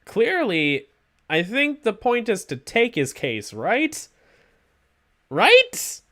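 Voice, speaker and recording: A woman chatting casually as she streams a story game, with quick, exclaiming asides. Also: medium pitch, sing-song, a bit bright. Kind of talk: casual let's-play commentary.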